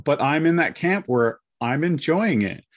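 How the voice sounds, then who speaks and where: A man's voice: on the high side, animated, measured pace. Easygoing man stammering through podcast chat. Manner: easygoing, stammering restarts, laughs a lot. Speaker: podcast co-host.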